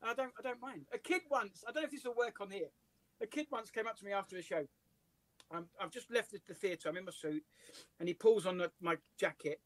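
An English comedian telling animated anecdotes with voices and laughs in a casual interview over a video call. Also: male voice, high-pitched, fairly quick, no echo, poor audio. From England. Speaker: comedian guest.

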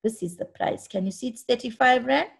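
A woman teaching a lesson with a gravelly, slightly husky voice. She explains each step patiently and keeps asking the class whether they can see it. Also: fairly high pitch, fairly quick. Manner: patient, checks understanding often.

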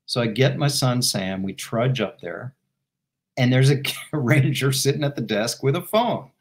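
Man, interview guest, animated storytelling, laughs as he talks, mid pitch. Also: a little slow. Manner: animated, laughing while he tells it. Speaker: guest, former football team executive.

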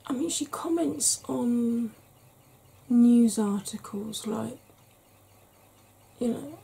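A Welsh woman chatting frankly in a soft-spoken ASMR vlog, rambling with fillers. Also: on the high side, extremely slow, creaky, slightly rough. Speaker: ASMR vlogger.

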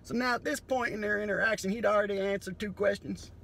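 A man doing a profane, sardonic comedy monologue that breaks into sudden loud bursts. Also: high-pitched, fairly even intonation, fast, creaky.

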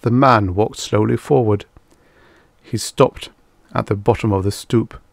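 A man reading vintage science fiction stories aloud as an audiobook narrator, in a steady, measured way. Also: fairly low pitch, gravelly, no room sound.

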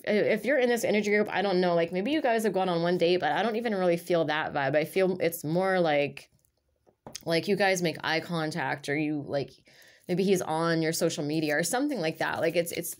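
A woman's voice: on the low side, a little fast. A woman giving a casual tarot reading to her viewers, talking in a rambling, chatty way full of fillers. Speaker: tarot reader.

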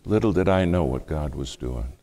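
A man preaching a sermon, telling a family story with hushed asides and louder bursts. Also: a bass voice, expressive, moderate pace, a little hiss or hum. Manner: dramatic storytelling, acts out quoted speech, shifts between hushed and loud.

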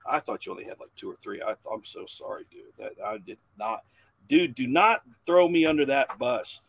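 A man in his forties with a gravelly, husky voice, talking as a podcast guest. He tells his stories loudly and swears freely, in an easy, casual style. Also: mid-range voice, a little fast, dry recording. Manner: loud, animated and swearing. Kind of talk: casual profane storytelling.

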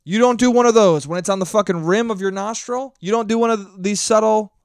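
A young man hosting his own podcast, ranting with lots of swearing and sometimes shouting into a handheld mic. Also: high-pitched, fairly quick, clear, resonant tone, no echo, clean studio sound. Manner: profane, animated ranting; shouting at times. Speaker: podcast host. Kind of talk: solo podcast monologue.

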